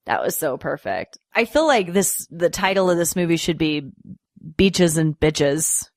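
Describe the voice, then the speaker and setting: A woman's voice: lowish voice, sing-song, dry recording, studio quality. A woman co-hosting a casual comedy podcast, riffing and giggling through a movie review. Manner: giggly, quick riffing banter. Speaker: podcast co-host.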